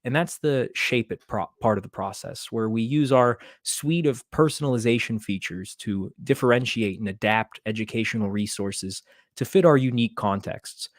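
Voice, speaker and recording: A man with a mid-range voice walks an audience through a software demo, explaining each step in a measured way. He pauses now and then on fillers. The recording is close and dry. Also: mid-range voice, dry recording. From Maryland, USA. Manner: explanatory, steady, occasional fillers. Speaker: middle school teacher and presenter. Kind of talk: webinar product demo.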